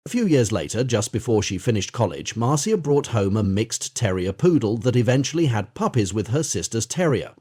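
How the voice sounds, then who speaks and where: Husky-voiced man reading an audiobook. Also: lowish voice, sing-song, brisk, few pauses, dark tone. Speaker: audiobook narrator. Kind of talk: audiobook narration of an interview account.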